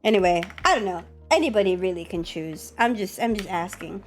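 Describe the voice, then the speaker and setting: Excitable woman streamer with a cold. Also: mid-range voice, fairly quick, soft background music. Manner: excitable, swears, scolds chat playfully. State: has a cold, coughing. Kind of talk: casual live-stream chat.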